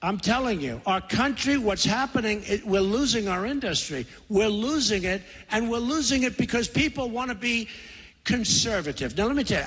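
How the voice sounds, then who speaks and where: Older guy rambling and bragging at a rally, bright husky voice, big echoey hall. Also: high-pitched. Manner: boastful, rambling, repetitive. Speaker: political candidate. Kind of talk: campaign rally speech. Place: large convention center. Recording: long hall reverb.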